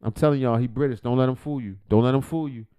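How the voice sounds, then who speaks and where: Clean in tone and mid-range, his voice moves at a quick pace as he hosts a livestream and reacts to videos. He delivers rambling, profane, joking commentary, swinging loudly in volume.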